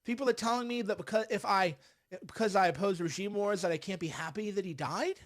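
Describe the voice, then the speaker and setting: Sarcastic man with a high voice. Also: brisk. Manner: sarcastic, mocking, exasperated, with frequent sighs. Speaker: livestream host. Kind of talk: political commentary livestream.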